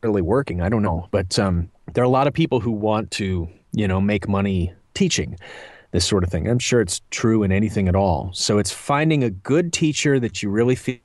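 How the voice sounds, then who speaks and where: This voice actor, a man in his thirties, has a fairly low, darkish voice and talks at a moderate speed. The studio recording is clean and dry. Chatting casually in an interview, he rambles through his answers, pokes fun at himself, and fills the gaps with plenty of filler words.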